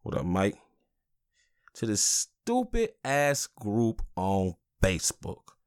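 A man's voice: fairly low pitch, wildly swooping pitch, takes it slowly. A man in his thirties, a father, hosting a podcast and ranting angrily with lots of swearing and "you know what I'm saying.". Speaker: podcast host.

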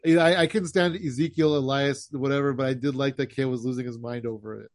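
A man's voice: mid-range voice, steady tone, quick pace, dry recording, studio quality. A man co-hosting a casual chat, opinionated and joking.

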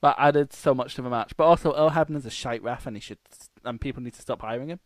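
A man co-hosting a podcast, chatting casually, swearing freely and telling animated stories with laughs. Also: mid-range voice, quick pace, no echo. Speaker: podcast co-host. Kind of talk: casual chat.

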